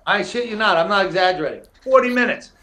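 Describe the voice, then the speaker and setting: A middle-aged man, telling fight stories as a podcast guest in an animated, casual way, acting out quotes and swearing freely. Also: high-pitched, quick pace. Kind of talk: casual storytelling interview.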